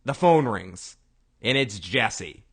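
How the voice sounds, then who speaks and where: A man hosting a casual show, recapping an episode in an excitable way. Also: lowish voice, takes it slowly, breathy edge. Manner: excitable, retells scenes by acting out the lines. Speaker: podcast host.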